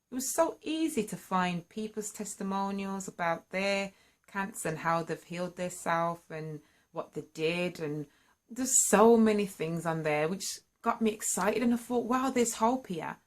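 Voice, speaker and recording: A woman telling her own story to camera, candid and earnest, and lively when excited. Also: on the low side. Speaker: singer sharing a personal story. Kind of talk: candid personal vlog storytelling.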